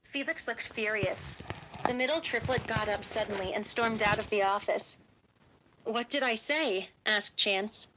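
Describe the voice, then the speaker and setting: A woman narrating an audiobook in a steady, even storytelling manner. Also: medium pitch, normal speed, background noise.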